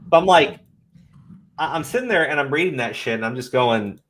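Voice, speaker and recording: A man ranting in heated commentary chat, swearing often and mocking critics in high whiny voices. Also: animated, brisk, fairly bright tone. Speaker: commentary podcast co-host.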